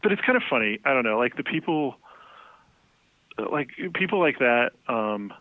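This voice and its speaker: A man telling stories about interviews over a thin, phone-like line, rambling and animated with plenty of fillers. His pitch sits mid-range, and the sound is dry, with no room around it. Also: normal speed, no echo. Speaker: guest, music writer. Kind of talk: casual phone conversation.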